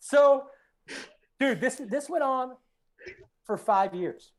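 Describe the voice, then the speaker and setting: A man casually telling a prank story with friends, animated and swearing, acting out what people said. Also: high voice, moderate pace. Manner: animated, swearing, acts out quotes.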